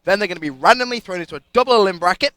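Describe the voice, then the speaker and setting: Fast, bright British esports caster. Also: male voice, high-pitched, animated, no room sound. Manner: enthusiastic, hype-building. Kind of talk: live esports commentary.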